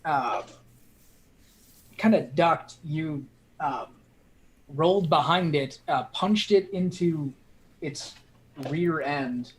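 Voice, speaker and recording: A man running a homebrew tabletop game as game master, describing the action in a relaxed way with lots of fillers. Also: fairly high pitch, slight background noise, poor audio. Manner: relaxed, halting with many fillers.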